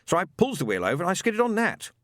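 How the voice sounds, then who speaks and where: Give me a man playing an indignant lorry driver, blunt and a bit high. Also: huge pitch swings, fast, a bit bright, dry recording, clean studio sound, heavily acted. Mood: exasperated. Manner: exasperated, blunt. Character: indignant working-class male lorry driver.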